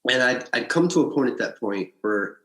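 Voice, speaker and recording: A man from Alabama, a podcast guest, recounting his past in animated casual storytelling, often restarting his sentences. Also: normal speed. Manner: animated storyteller, frequent restarts and big pitch swings. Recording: echoey room.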